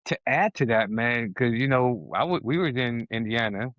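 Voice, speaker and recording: A man speaks in a casual podcast conversation, emphatic and quick to get heated, often breaking off and restarting his sentences. His voice sits at an ordinary pitch. The sound is lo-fi and muffled, with no room echo at all. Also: a bit bright. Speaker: podcast co-host. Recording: dull, lo-fi and dry.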